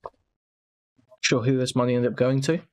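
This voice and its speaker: A man narrating a commentary video in a measured, hesitant way, pausing with fillers. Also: mid-range voice, smooth.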